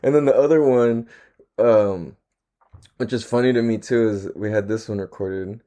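A man's voice: fairly low pitch, moderate pace, warm tone. A young man hosting his own podcast on camera, talking in a loose, rambling way with plenty of slang and swearing and frequent laughter. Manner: laid-back, slangy, swears a lot, laughs often. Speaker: solo podcast host. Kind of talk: casual rambling monologue. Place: at home, on camera.

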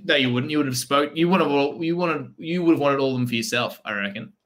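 Man, young, bright, casual chat, laughing storyteller. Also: medium pitch, quick pace. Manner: laughing storyteller, trails off mid-sentence.

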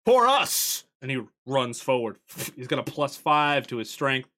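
A man narrating as game master in a tabletop game, playful and animated. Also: medium pitch, moderate pace.

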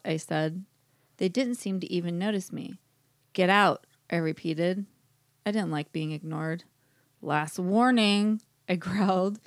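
A woman's voice: on the low side, no echo, clean studio sound. A woman co-hosting a writing podcast, chatting casually, gushing and giggling, and reading her short story aloud. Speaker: podcast co-host.

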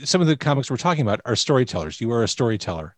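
A man's voice: medium pitch, sing-song, very fast, a little mellow, dry recording. A man hosting a casual interview, rambling and complimentary, often restarting his sentences. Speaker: interviewer, host of a comedy series.

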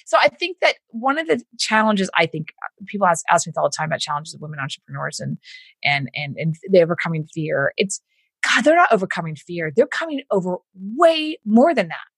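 Her voice is fairly low, creaky, and husky, moving fairly quickly, with no echo. A business coach from Houston, Texas with a Southern American accent, she chats casually on a podcast, telling animated stories and acting out the people she quotes.

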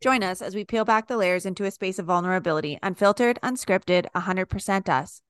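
A woman's voice: medium pitch, a bit bright, clear, resonant tone, no echo. Joking Canadian woman, dry sound. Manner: joking, quick asides. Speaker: podcast co-host. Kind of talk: casual chat.

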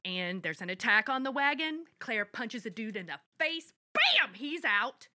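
A woman co-hosting a casual podcast, narrating plot points with wry, blunt humor and the odd curse. Her voice sits a bit high and sounds bright and forceful. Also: expressive, normal speed. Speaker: podcast co-host. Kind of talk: casual chat.

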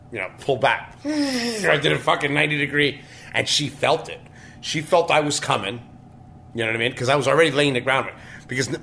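A man's voice: mid-range voice, sharp tone, slight background noise. A man telling a crude, boastful story in casual podcast chat, swearing often. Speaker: storytelling co-host.

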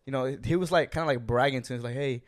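A man's voice: mid-range voice, racing. A man co-hosting a podcast, telling a rambling story in casual chat with lots of filler words. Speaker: podcast co-host.

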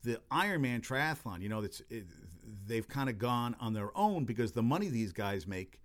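A man's voice: medium pitch, expressive, normal speed. A man giving casual, rambling sports talk, full of cursing, restarts and exclamations.

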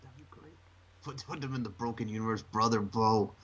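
A man co-hosting a casual wrestling chat, animated and profane, often mocking others in a shrill voice. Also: a little fast, slightly rough, muffled recording. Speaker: podcast co-host.

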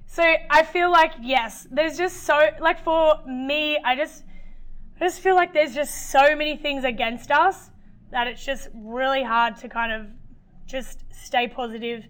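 A woman's voice: high voice, unhurried. A woman co-hosting a podcast, chatting in a frank, rambling way and swearing freely. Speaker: podcast co-host. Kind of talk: casual chat.

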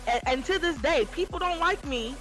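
A woman in her forties co-hosting a podcast, with a high and very bright, sharp voice. She talks bluntly and teases her co-hosts. Faint music plays underneath. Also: expressive, normal speed. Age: 40s. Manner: blunt, teasing. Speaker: podcast co-host. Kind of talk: casual debate.

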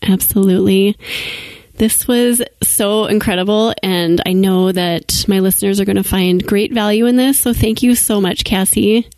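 A woman's voice: mid-range voice, fairly even intonation, normal speed, a little mellow, no room sound. A woman hosting a podcast, upbeat and playful as she interviews a guest and wraps up the show. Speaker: podcast host. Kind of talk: casual interview chat.

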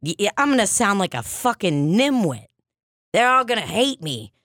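A woman's voice: medium pitch, sing-song, normal speed, a bit bright, no room sound. A woman playing a brash, bossy psychic with a put-on Long Island accent in an improvised comedy sketch, dry close recording. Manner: brassy, bossy, rambling.

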